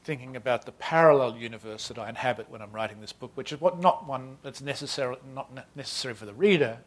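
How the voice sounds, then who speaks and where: Man, 60s, Australian accent, halting, self-deprecating, novelist at a reading, middle pitch. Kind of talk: author talk before a reading.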